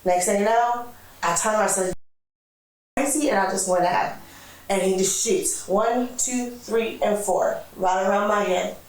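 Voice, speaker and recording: A woman's voice: medium pitch, normal speed. A woman bluntly retelling events while being questioned by police. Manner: blunt, vivid retelling with repeated "I said". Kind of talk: recorded interrogation, telling a story. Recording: echoey room from far off.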